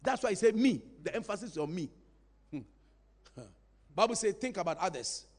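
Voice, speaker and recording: A man preaching a sermon in a church, animated and playful, drawing responses from the congregation. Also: sits high, normal speed, a little hiss or hum.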